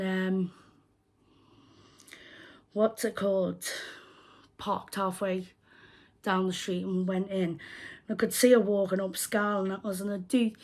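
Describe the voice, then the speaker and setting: Young UK woman, casual vlogger, lively storyteller who acts out the voices of people in her story. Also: mid-range voice. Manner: animated retelling, acts out quoted voices. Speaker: crochet vlogger.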